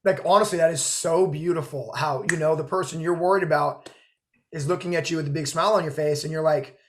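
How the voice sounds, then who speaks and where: A man hosting a training interview, gushing and effusive, full of "like" and warm praise. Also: on the high side, fairly even intonation, fast talker. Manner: effusive, gushing, filler "like" and "girl". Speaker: host, notary trainer. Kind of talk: emotional interview chat.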